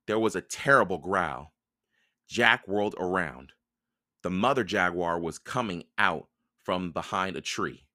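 Man, children's book reader, low voice, lively pitch, calm narration. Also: unhurried, dry recording, studio quality. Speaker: podcast reader. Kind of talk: reading a children's chapter book aloud.

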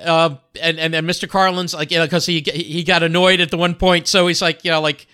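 A man's voice: on the high side, little pitch movement, sharp tone, clear, resonant tone, no echo, clean studio sound. A man in casual podcast chat about a TV episode, often stumbling and repeating words as he hunts for details. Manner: halting, repeats words while searching for details. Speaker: podcast co-host.

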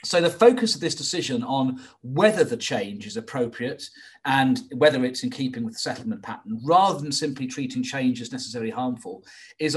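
A man hosting a planning discussion, giving measured, opinionated commentary with frequent hesitant fillers. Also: medium pitch, breathy edge. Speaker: host. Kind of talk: expert commentary.

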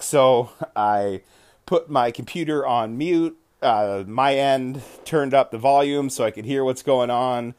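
Slow, profane man recounting a game. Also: mid-range voice, a little mellow, clear, resonant tone. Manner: swears freely, self-correcting. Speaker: podcast host recounting a tabletop game. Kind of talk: casual storytelling.

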